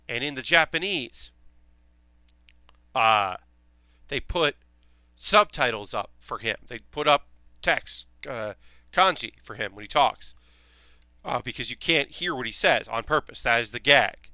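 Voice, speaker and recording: A young man talks casually to his stream while he builds, rambling with plenty of ums and offhand swearing. His voice is bright and crisp. The sound is dry, with no room echo. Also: medium pitch, animated, a little slow, long pauses. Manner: rambling, enthusiastic, swears freely, many fillers.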